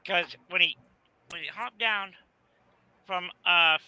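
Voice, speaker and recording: A man's voice: sits high, slow pace, background noise. A man from Arizona, telling rambling folksy stories in a casual video chat. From Arizona, USA. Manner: rambling storyteller, folksy, repeats "right there".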